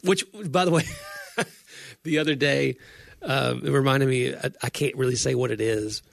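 A man's voice: medium pitch, unhurried, gravelly, no echo. Dry-sounding man telling rambling stories. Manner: rambling storyteller, acts out quotes. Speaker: podcast co-host. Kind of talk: casual chat.

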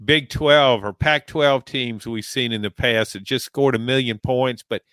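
A man from Louisiana gives college football analysis in a calm, reflective way, often pausing on fillers as he works through a thought. His voice sits at an ordinary pitch, and the recording is dry and close. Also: dry recording. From Louisiana, American South. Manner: measured, reflective, with frequent fillers. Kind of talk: sports talk commentary.

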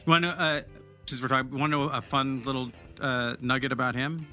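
A man hosts a relaxed podcast conversation, talking eagerly about films and actors. His voice is bright and forceful, and he often restarts sentences mid-thought. Faint music sits underneath. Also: medium pitch, quick pace. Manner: chatty, enthusiastic film talk with many restarts. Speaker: podcast host. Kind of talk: casual interview chat.

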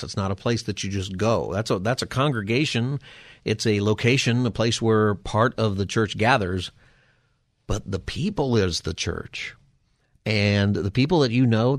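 A man's voice: fairly low pitch, dry recording, studio quality. A man hosting a Christian call-in radio show as pastor, talking earnestly in a preacherly way and praying for callers. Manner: earnest, preacherly, with quick restarts. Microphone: studio microphone.

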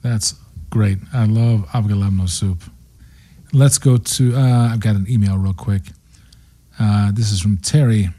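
Male radio host, low mellow voice, easygoing. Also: measured pace. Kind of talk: radio talk show hosting.

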